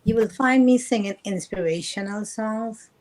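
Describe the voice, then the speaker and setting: A woman singer, a guest on a radio interview, talking in a soft, earnest way. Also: mid-range voice, normal speed, slight background noise, rough recording. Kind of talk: casual radio interview chat.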